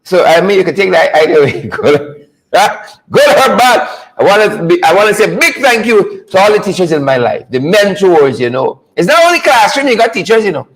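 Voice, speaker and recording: A man's voice: high-pitched, big pitch swings, fairly quick, a bit bright, rough recording. A man hosting a live online show, playful and teasing, repeating himself and laughing often. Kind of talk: casual live-stream talk.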